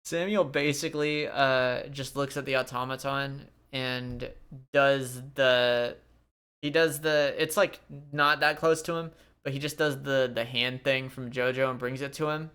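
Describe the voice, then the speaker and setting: A man's voice: mid-range voice, fairly even intonation, measured pace, bright, forceful tone, smooth. A man running a tabletop game as game master, laid-back and chuckling often.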